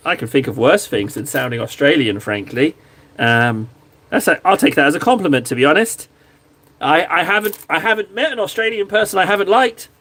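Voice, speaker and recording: A man from southwest England with a southern English accent, hosting a live stream and chatting casually, excitable and quick to interrupt himself. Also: sits high. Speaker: live-stream host painting miniatures.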